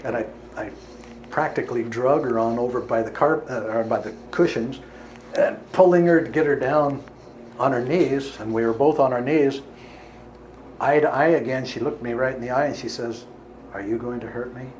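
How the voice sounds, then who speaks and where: A man's voice: medium pitch, moderate pace, darkish tone, a little hiss or hum, poor audio. A man, a healer, telling a vivid case story to listeners in an earnest, emphatic way. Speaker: healer giving a talk. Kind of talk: storytelling talk to an audience.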